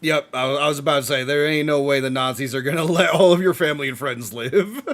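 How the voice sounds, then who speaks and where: A man streaming a live watch-along, reacting excitedly with frequent laughs and casual swearing. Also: a little high, fairly quick.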